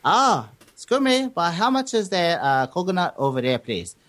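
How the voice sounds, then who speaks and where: A man's voice: sing-song, a bit bright. A man voicing a timid shopper with broken English who haggles over a coconut price. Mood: polite haggling. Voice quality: squeaky, halting.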